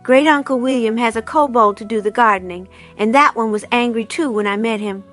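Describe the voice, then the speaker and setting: A woman's voice: a little high, fairly quick, fairly bright tone, soft background music, lightly acted. A woman doing an exasperated teenage girl. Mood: patient. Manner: patient but exasperated.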